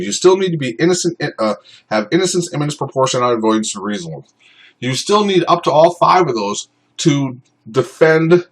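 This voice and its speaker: A man teaching self-defense law in an unscripted, informal way, often pausing on ums and uhs. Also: on the high side, poor audio. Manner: informal, many ums and uhs, shouts out acted commands in examples. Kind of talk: unscripted explanatory talk.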